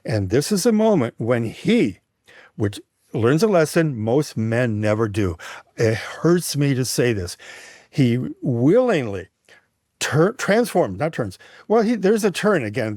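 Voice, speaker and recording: Animated storytelling man, lively pitch. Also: unhurried, dry recording, studio quality. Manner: lively, expressive retelling with frequent restarts. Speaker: guest, mythologist and writer.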